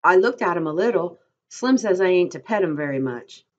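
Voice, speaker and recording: Woman reading as a simple-minded gentle giant of a farmhand, meek and pleading, raised voice, lo-fi sound. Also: sits high, lively intonation, fairly quick. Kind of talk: novel read aloud.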